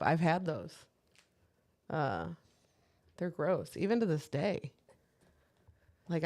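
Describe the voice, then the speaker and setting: A woman with a low, darkish voice co-hosts a podcast, telling candid stories in casual chat. She swears plenty and quotes herself as she tells them.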